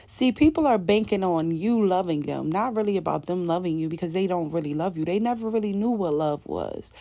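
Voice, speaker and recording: Woman spiritual reader, low-ish voice, emphatic casual delivery, dry close sound. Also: animated, a little fast, mellow, no room sound. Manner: emphatic, repetitive, casual slangy talk. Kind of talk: intuitive spiritual message to viewers.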